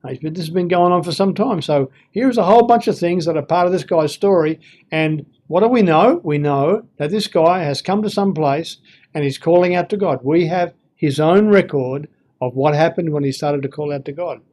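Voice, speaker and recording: A man's voice: a little high, normal speed, darkish tone. A man giving an informal Bible lesson, thinking aloud with fillers and reading verses with feeling. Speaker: Bible teacher.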